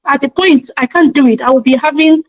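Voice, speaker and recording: A woman's voice: high-pitched, brisk, no echo, lo-fi sound. A woman giving a motivational talk, speaking emphatically and repeating her key points in a preacher-like way. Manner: talks of her own practice in speaking to online audiences.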